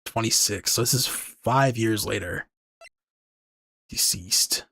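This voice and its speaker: A man's voice: on the low side, slow, bright, forceful tone. A man giving casual commentary over a game playthrough. He stays laid-back and joking throughout. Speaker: let's play host.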